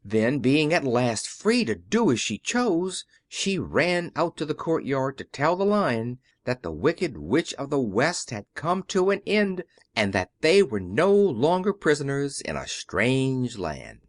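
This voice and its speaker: A man reading a classic children's story aloud as an audiobook narrator, in a measured storytelling way. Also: mid-range voice, sing-song, dry recording, clean studio sound. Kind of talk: scripted narration.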